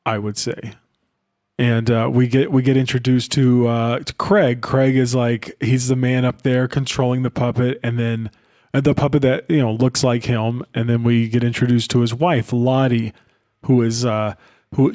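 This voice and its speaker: A man's voice: medium pitch, darkish tone. A man co-hosting a podcast, talking about a film in a loose, laid-back way and saying dude a lot. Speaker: podcast co-host. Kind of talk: casual film chat.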